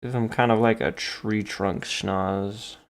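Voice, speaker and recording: A man's voice: lowish voice, fairly even intonation, takes it slowly. A man drawing and chatting playfully, laughing often and slipping into silly posh voices. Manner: giggly, jumps into silly fancy voices. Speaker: artist drawing on stream. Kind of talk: playful commentary while drawing.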